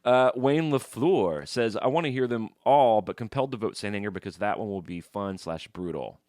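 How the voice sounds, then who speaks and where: A man's voice: on the low side, expressive, moderate pace, darkish tone, dry recording, clean studio sound. A man co-hosting a casual podcast, joking around and reading fan messages aloud. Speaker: podcast co-host.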